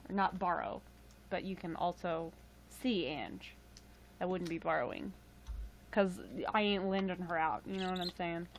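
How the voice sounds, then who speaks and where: Young woman, low-ish voice, rambling livestream host, chatty and self-deprecating, faint hiss. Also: normal speed. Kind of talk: casual livestream chat.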